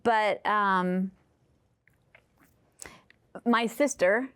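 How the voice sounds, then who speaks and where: A middle-aged woman in an interview, talking about her family in a hesitant way with many pauses and fillers. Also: mid-range voice, a bit bright, clear, resonant tone, dry recording. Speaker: interviewee, mother of the guest. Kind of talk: personal interview.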